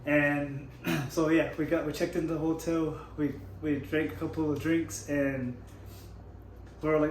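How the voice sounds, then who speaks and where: A man with a hoarse, strained voice, slightly higher-pitched than most, rushes through an excited story and keeps restarting his sentences. He is recorded in an echoey room with a faint hum of ambience behind him. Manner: rambling with frequent restarts, hyped. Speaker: YouTube MMA channel host.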